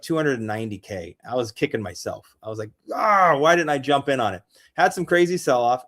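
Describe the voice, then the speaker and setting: Rambling excitable male crypto streamer. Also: medium pitch. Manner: rambling, excitable, repeats himself. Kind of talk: casual livestream commentary.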